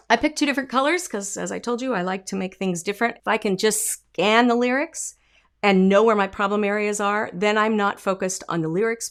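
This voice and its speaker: An energetic woman vocal coach, in middle age, walks through a singing lesson. Her explanations are emphatic, and she breaks off into short sung examples. She sounds as if she is recording in a home studio. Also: medium pitch. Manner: lively, emphatic teaching with sung and spoken examples.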